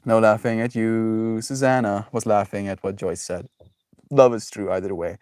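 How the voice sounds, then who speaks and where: A man's voice: fairly low pitch, moderate pace, a little mellow, no room sound, clean studio sound. A young man chatting casually on a live stream, reading chat messages aloud and laughing often in a joking way.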